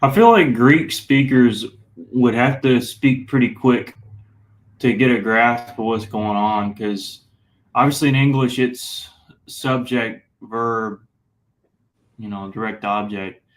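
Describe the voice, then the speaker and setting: A man's voice: mid-range voice, slow pace. A male student speaking casually in a class discussion, joking a little as he works through an idea.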